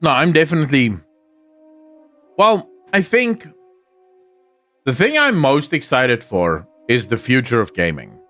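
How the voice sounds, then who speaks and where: A man's voice: mid-range voice, big pitch swings, measured pace, long pauses, fairly bright tone, soft background music. A man streaming live, reading viewer comments aloud and answering them in casual chat.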